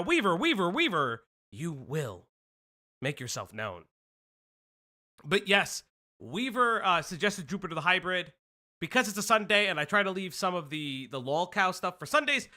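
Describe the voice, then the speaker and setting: A high-pitched American man hosts a casual livestream as a streamer, offering commentary. He rambles excitedly and stammers through many restarts.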